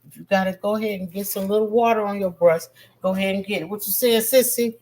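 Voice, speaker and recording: Medium-pitched with a darkish tone, she talks fast yet keeps a steady delivery. As an art teacher hosting a live-streamed painting lesson, she chats and encourages, addressing viewers head-on and bantering with the chat in a slangy, friendly manner.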